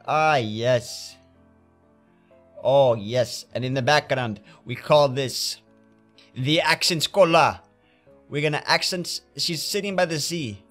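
A man's voice: fairly high pitch, measured pace, fairly bright tone. A man giving theatrical let's play commentary, talking to himself as he paints in a game, with faint game music behind him. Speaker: gamer playing a painting game.

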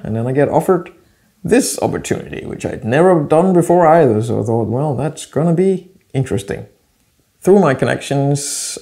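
A man's voice: medium pitch, vocal fry, mellow. A middle-aged man, hosting his vlog in a chatty, self-mocking way. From Denmark. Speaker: photographer and video host. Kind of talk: casual vlog intro.

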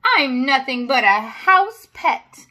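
A woman's voice: sits high, sing-song, takes it slowly, sharp tone, dull audio, full character voice. A woman voicing a small male pet dog who dreams of being a wolf, earnest and eager in a sing-song storybook way. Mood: glum.

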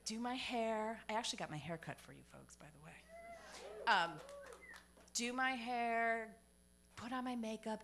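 Bright-voiced woman doing stand-up. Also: medium pitch, slight background noise. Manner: chatty, self-deprecating, punchline-driven. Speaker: stand-up comedian. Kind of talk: stand-up comedy set. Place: comedy club stage.

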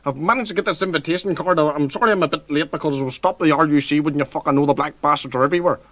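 A man's voice: a little high, rapid-fire, a bit bright. A man with a Northern Irish accent blustering and swearing through a crude comedy sketch as the host of a house party.

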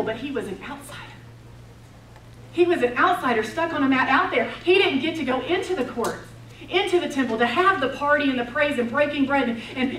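Lady preaching a sermon, fired up then real quiet, high-ish voice, mic kinda far off. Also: a little hiss or hum. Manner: impassioned storytelling, swings between loud and hushed. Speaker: women's retreat speaker. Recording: roomy, distant mic, faint ambience.

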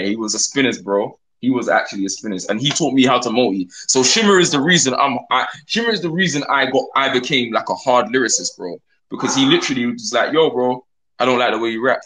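A man's voice: mid-range voice, lively intonation, fast talker, hardly any pauses, fairly bright tone, slight background noise, low-quality recording. A man, a rapper guest telling stories in a rambling, slang-heavy way that often restarts. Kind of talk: casual storytelling chat.

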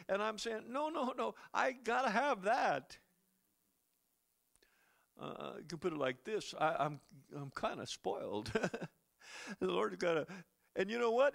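A man's voice: high voice, creaky, a bit bright. A man preaching a sermon as pastor, talking conversationally to the congregation with chuckles and asides.

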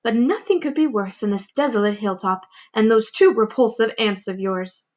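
A woman voicing a kind and gentle female ladybug in a storybook read-aloud, speaking in a soothing, reassuring way. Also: a little high, moderate pace, close to an everyday voice.

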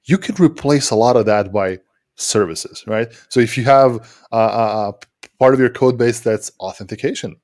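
A man co-hosting a casual tech discussion over a video call, halting with many restarts. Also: medium pitch, darkish tone, no room sound, studio quality. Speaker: co-host.

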